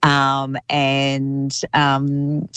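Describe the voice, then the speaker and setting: A middle-aged woman, a winemaker talking casually in an interview, thoughtful with many pauses and restarts. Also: rumbling low, monotone, fairly bright tone, smooth, dry recording. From New Zealand. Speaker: winemaker guest. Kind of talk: casual radio interview by phone.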